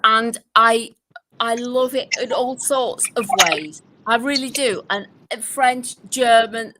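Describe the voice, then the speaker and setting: Gushing Northern British woman, squeaky. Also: slow pace, heavy background noise. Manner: gushing, many restarts. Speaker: panelist.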